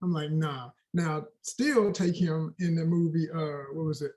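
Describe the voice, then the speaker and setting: A man in his forties, a guest actor chatting in an interview, telling animated stories with a lot of casual slang. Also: fairly high pitch, normal speed. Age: 40s. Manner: animated storyteller, slangy and expressive.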